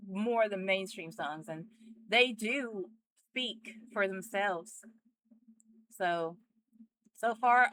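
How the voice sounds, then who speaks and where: A young woman hosting a reaction channel, speaking in a casual, earnest and heartfelt way, often halting as she searches for words. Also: mid-range voice, sharp tone, dry recording, poor audio.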